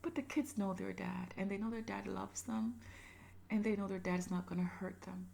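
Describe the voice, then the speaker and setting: A woman giving emotional reaction commentary, impassioned, moving between loud emphasis and soft whispery asides. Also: mid-range voice, moderate pace, creaky, a little hiss or hum. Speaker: reaction video creator.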